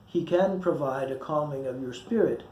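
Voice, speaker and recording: A man preaches a short sermon in a church. His voice sits fairly high, and his reading is lively, with the quoted voices acted out. The room gives his voice a noticeable echo. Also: normal speed, highs cut off, slight background noise. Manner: reads with feeling, acting out quoted voices. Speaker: pastor.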